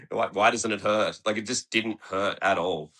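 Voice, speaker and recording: Speaking at a measured pace, the Australian guest skateboarder has a fairly low, bright and forceful voice. He's from Tasmania and shares a story in a casual studio podcast interview, relaxed, laughing, and swearing frequently.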